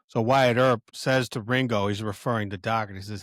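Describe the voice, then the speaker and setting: A man's voice: medium pitch, fairly even intonation, fairly quick, few pauses, a bit bright, no echo, clean studio sound. An older man hosting a podcast, casually reading film quotes aloud and rambling through them with many fillers and restarts. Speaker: podcast host.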